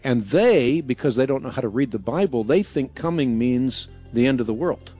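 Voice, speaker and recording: A man's voice: medium pitch, expressive, normal speed, mellow, husky, no room sound, soft background music. A man hosting a radio broadcast, explaining scripture emphatically with rhetorical questions. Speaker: radio show host answering Bible questions.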